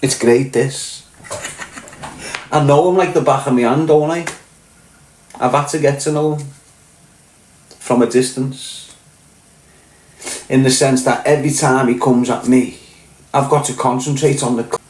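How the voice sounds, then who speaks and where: A man's voice: medium pitch, fairly even intonation, a little slow, pauses often, a little mellow, echoey room, a little hiss or hum. A man with a Scouse accent talking bluntly and with swearing in a casual monologue, often asking if the listener gets what he's saying. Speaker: podcast host.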